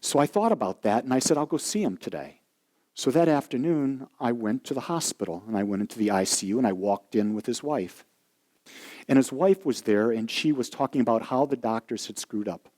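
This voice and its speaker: This sermon comes from a man with a mid-range voice who talks fairly quickly. As he tells his stories, he animatedly acts out the voices of the characters in them.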